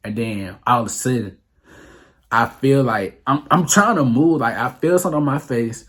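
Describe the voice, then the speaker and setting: A man's voice: mid-range voice, normal speed, a bit bright. A young man telling a rambling, profane storytime on his vlog, full of fillers. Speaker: vlogger. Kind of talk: casual storytime monologue.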